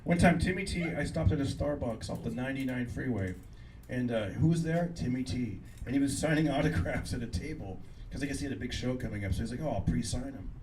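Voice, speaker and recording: A middle-aged man from Fresno, California, doing live stand-up and telling animated stories in which he acts out voices. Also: mid-range voice, quick pace, far from the mic, slight background noise. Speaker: stand-up comedian and guest.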